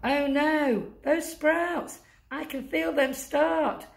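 A woman's voice: high-pitched, steady tone, drawn-out words, vocal fry, voice pushed up, exaggerated voice. Father Christmas, fretful, read by a woman. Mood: anxious. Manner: anxious, pleading, rising exclamations. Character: old male Father Christmas, fretful and urgent.

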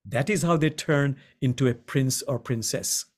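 A middle-aged man, an imam, giving a gentle contemplative teaching over a video call and repeating key lines slowly for emphasis. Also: mid-range voice, slightly rough.

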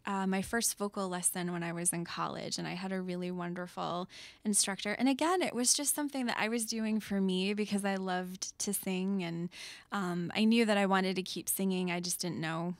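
A woman's voice: mid-range voice, fairly even intonation, normal speed, no room sound. Young woman, chatty, laughs a lot, lots of ums, dry studio sound. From Metro Detroit. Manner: chatty, laughs often, many fillers. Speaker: guest singer-songwriter. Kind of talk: casual interview chat. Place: radio studio.

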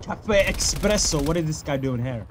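A young man giving live gameplay commentary, excitable and crude, trash-talking opponents and shouting at kills. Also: fairly high pitch, moderate pace, a little hiss or hum. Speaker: gaming YouTuber. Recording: faint music and gunfire behind. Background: game music and gunfire.

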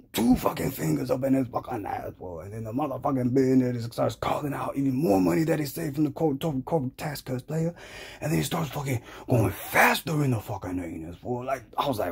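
A man's voice: medium pitch, creaky, a little mellow, slightly rough. A man telling a crude comic story in a profane, rambling, slangy way. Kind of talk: crude comedic storytelling rant.

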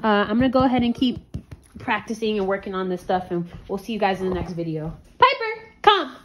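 A woman filming a casual vlog about training her dog, calmly explaining each step to viewers in a chatty way. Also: medium pitch, fast talker, a little hiss or hum.

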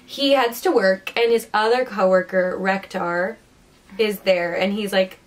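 A woman's voice: medium pitch, steady tone, measured pace. A young woman co-hosting a podcast, casually recapping a book plot with lots of "like" and "um". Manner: chatty, heavy use of "like" and "um". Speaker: podcast co-host.

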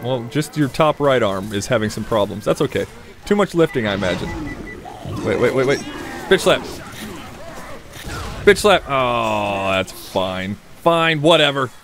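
A man hosting a gameplay video, chatting casually, laughing often and muttering at other players. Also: mid-range voice.

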